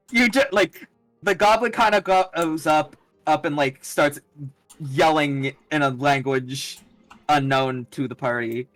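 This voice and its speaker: A man's voice: on the high side, fairly bright tone, soft background music, low-quality recording. Young man running a tabletop game. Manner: casual, halting, many fillers and restarts. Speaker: dungeon master.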